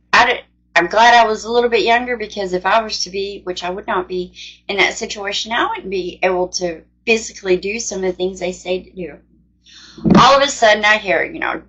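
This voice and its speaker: Woman, higher voice, candid testimony storyteller, dull lo-fi recording. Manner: candid, conversational, animated retelling. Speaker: faith storyteller. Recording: dull lo-fi sound.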